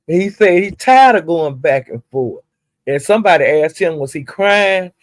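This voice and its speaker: A woman's voice: low-pitched, big pitch swings, slow pace, no room sound. A woman casually recounting gossip, chatty and profane with laughing asides. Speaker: gossip vlogger.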